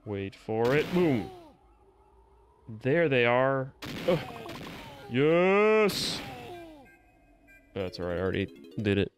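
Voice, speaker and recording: Male streamer, lively swooping delivery, salty mouth, chatting at the game while playing. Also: medium pitch, a little slow, long pauses, soft background music. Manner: reactive, swears freely, talks to the game. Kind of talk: casual gameplay commentary.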